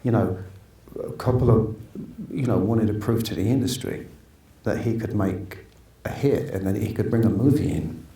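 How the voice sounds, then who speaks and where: A gravelly, mellow, lowish voice belongs to an actor in his fifties who talks at a moderate pace with hardly any pauses. Telling stories in a casual interview, he wanders, restarts often, and performs what other people said. The recording is echoey and distant, with faint noise.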